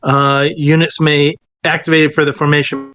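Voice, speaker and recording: Higher-voiced man, dry close sound. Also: little pitch movement, a bit bright, smooth, dry recording, lo-fi sound. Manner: reads rules slowly, teasing. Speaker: player. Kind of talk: casual game chat.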